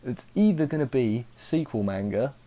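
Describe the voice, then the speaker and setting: A man's voice: mid-range voice, lively intonation, moderate pace, warm tone. A young man casually reviewing an anime episode, rambling and chatty, acting out the characters' lines as he goes.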